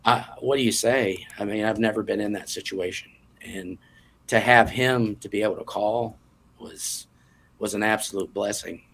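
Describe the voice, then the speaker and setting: A man's voice: on the low side, steady tone, normal speed, fairly bright tone. A man from the New York area, a competition cook, speaking earnestly as a guest in a casual interview.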